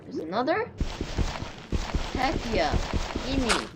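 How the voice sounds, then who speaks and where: A woman who makes gaming videos chats casually about her gameplay in a high voice with huge pitch swings and a slow pace. She playfully talks to the on-screen characters, yelping and pleading with them in mock panic. Heavy noise fills the background.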